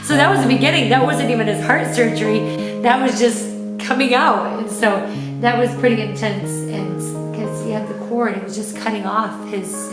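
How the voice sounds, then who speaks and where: A young woman telling her family story in an earnest, casual way, speaking as the mother. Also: on the high side. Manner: earnest, acts out shouted voices in quotes. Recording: roomy echo with loud background music.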